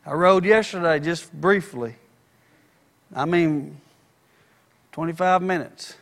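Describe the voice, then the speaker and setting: A man preaching a fervent sermon, building to shouts. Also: on the high side, slow, creaky, long pauses. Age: adult. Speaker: pastor.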